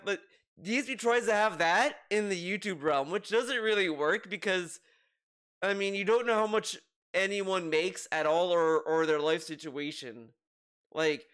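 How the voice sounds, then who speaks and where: A man with a high-pitched, smooth and resonant voice talks through his commentary in a loose, rambling way. His tone stays mocking and sarcastic as he picks apart what he has watched. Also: a bit bright. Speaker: commentary youtuber. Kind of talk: video commentary.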